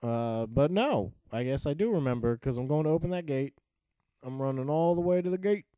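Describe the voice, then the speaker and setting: A man's voice: fairly high pitch, animated, brisk, dark tone, clear, resonant tone, no echo. A young man giving casual, rambling commentary over recorded gameplay, swearing often and poking fun at himself. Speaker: gaming commentator.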